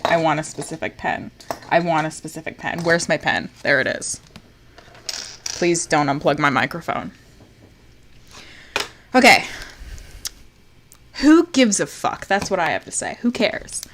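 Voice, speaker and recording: A woman streaming a video game live, talking casually and in exasperation, swinging from loud outbursts to low muttering and swearing freely. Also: expressive, measured pace, long pauses, slight background noise.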